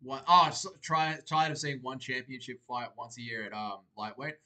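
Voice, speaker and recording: A young man hosting a livestream, reading viewers' comments aloud and answering them in a relaxed, chatty way. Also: medium pitch, moderate pace. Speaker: livestream host. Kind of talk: casual chat reacting to live chat.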